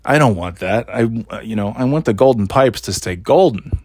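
A middle-aged man sits close to a dry, deadened mic and rambles through his solo podcast in a slightly low voice. His throat sounds scratchy and worn after being ill. He keeps the talk loose and chatty, and pokes fun at himself as he drifts from one tangent to the next. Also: animated, normal speed, darkish tone, husky, dry recording. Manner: rambling, self-mocking, swears casually. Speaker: podcast host. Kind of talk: casual solo podcast chat.

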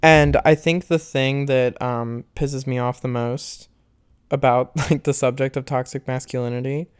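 A young adult male vlogger talks casually to camera, candid and rambling, laughing often and swearing while he vents. His mid-range voice is smooth and a little slow, with fairly even intonation. The recording is dry and of studio quality.

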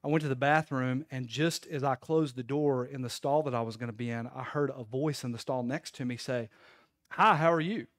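A man's voice: mid-range voice, fairly even intonation, a little fast, few pauses, dry recording, clean studio sound. A man in his thirties, a pastor, preaching a sermon in a conversational storytelling way to his congregation.

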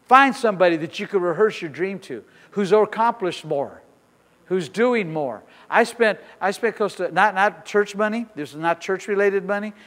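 Middle-aged man, pastor; high-pitched, emphatic sermon delivery, long reverb. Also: animated, normal speed. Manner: emphatic preaching that swings between soft asides and loud declarations. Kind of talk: sermon with personal stories.

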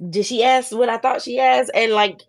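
Woman, 30s, slightly high pitch; casual animated podcast co-host. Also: normal speed, creaky. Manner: animated storytelling with acted quotes. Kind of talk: casual chat.

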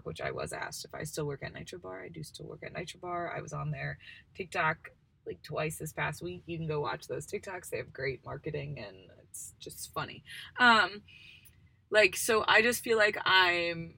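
A woman's voice: lowish voice, creaky, pushed and bright. A woman in her twenties hosting a casual solo chat, rambling with many fillers. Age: 20s. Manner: chatty, rambling, lots of "like" and "um". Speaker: podcast host.

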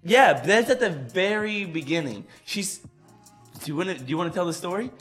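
A young adult man co-hosting a live-streamed podcast, chatting casually in animated, joking banter. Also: high voice, normal speed, faint music behind. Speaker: podcast co-host.

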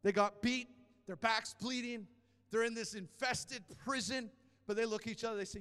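A male pastor preaches with fervor, rising to loud calls and dropping into hushed storytelling. His voice is unusually high and smooth. Long reverb from a large church hall trails behind him. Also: fairly even intonation, normal speed. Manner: impassioned, swings between loud exhortation and hushed storytelling. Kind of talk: sermon.

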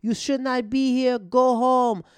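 A drunk older woman heckler yells in a high, piercing squawk, as a man puts her on. She is belligerent and shrill, and her voice is smooth but strained at full volume. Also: fairly even intonation, slow pace, no room sound. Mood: shrill ranting. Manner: yelling, high-pitched and loud.

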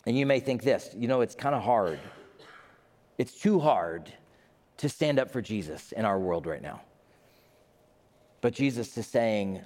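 A pastor in his fifties preaching a sermon, animated and acting out the voices he quotes. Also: lowish voice, a little slow, long pauses. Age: 50s. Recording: long reverb of a large hall.

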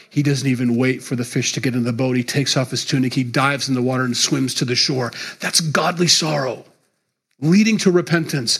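A man pastor preaching a sermon, emphatic and repetitive, with sudden loud rises and quiet drops. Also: mid-range voice, fairly quick, husky.

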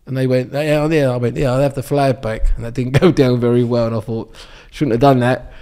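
This Englishman in his sixties, a former darts champion, is a guest in a casual interview, telling rambling anecdotes full of ums and restarts. His mid-range voice is fairly quick with little pitch movement, and the tone is mellow, clear and resonant.

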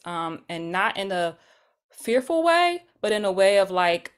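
A woman who is a mother and spiritual practitioner, chatting as a guest on a video call in an eager, quick way with many restarts. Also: mid-range voice. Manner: enthusiastic, fast, restarting often. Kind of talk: casual chat on a video call.

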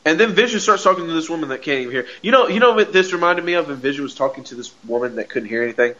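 A man co-hosting a podcast, casually recapping a TV episode in a rambling way, full of "like" and quick laughs. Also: on the high side, lively intonation, bright, forceful tone. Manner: rambling, heavy on filler "like", laughs often. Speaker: podcast co-host. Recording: dull lo-fi audio.

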